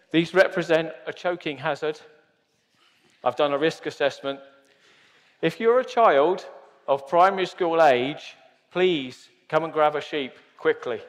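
Brief: male preacher, slightly high voice, playful and chatty with the congregation, long hall echo. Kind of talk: sermon.

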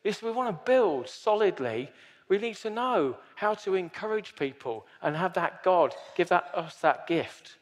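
Earnest preaching man, slightly high voice. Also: expressive, a little slow, big-room sound. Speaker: pastor. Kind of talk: sermon. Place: church hall.

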